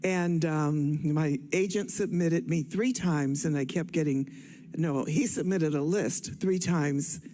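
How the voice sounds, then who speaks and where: An older woman from Cleveland, Ohio, out of breath and excited, telling her life story in a rambling, self-correcting way on stage. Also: sits low, slow pace. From Cleveland, Ohio, USA. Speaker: guest speaker on stage. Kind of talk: personal storytelling speech.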